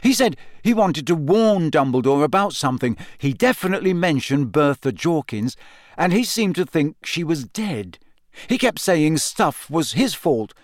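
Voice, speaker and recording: A man's voice: fairly high pitch, sing-song, normal speed, no echo, clean studio sound, voice pushed up. A man voicing a troubled, earnest teenage boy in an audiobook, speaking wearily with some bitterness. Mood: weary. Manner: earnest, weary, a bit dull and bitter. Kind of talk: audiobook character voice.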